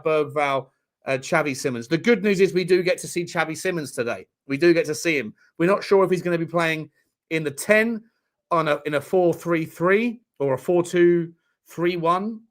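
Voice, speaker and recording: A man hosting a casual football watchalong stream, rambling and joking with frequent stammering restarts. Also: a little high. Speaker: football channel host.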